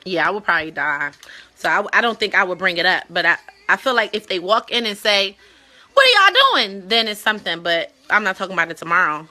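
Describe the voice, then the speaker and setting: Brief: young woman hosting a casual web talk show, playful and profane, sharp bright voice. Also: on the low side, fast talker. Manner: blunt, profane, playful, with loud mock-disgusted outbursts. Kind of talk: casual chat, reacting to viewer stories.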